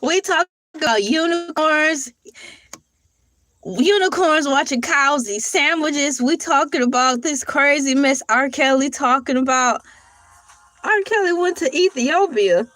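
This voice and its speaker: Woman, high voice, slow easy pace, casual livestream chat, giggly, reads aloud and spells words. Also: animated, fairly bright tone, soft background music, rough recording. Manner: chatty, laughs often, reads search results aloud and spells words out. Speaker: livestream host.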